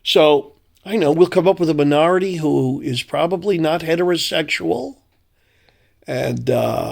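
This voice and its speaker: Gravelly man ranting angrily. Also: fairly high pitch. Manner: angry, sarcastic, mocking. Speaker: commentator. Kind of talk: ranting commentary.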